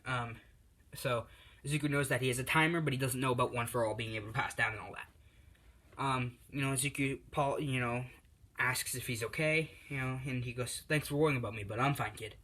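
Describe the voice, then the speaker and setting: A man's voice: medium pitch, steady tone, a little fast, pushed and bright. A young man casually retelling a fan story, rambling with lots of fillers and restarts.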